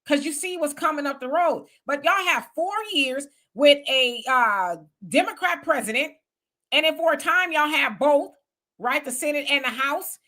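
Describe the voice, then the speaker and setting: A woman hosting a live commentary stream with a high, bright voice. She talks loosely and conversationally, firing off emphatic rhetorical questions one after another. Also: moderate pace. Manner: loose conversational street talk. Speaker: commentary host. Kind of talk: livestream commentary.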